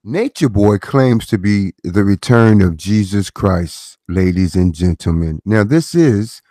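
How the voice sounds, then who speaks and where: A man's voice: lowish voice, lively intonation, unhurried, hardly any pauses, warm tone, no echo, studio quality. A middle-aged man hosting his own commentary channel, talking in a preachy way with rhetorical questions and repeated phrases. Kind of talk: casual commentary monologue.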